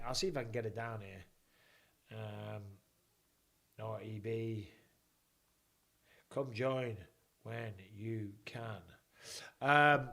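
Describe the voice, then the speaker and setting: A man in his forties hosts a live stream from home, chatting casually through fight commentary while joking and reading viewer questions aloud. His voice sits at a medium pitch with a fairly bright tone.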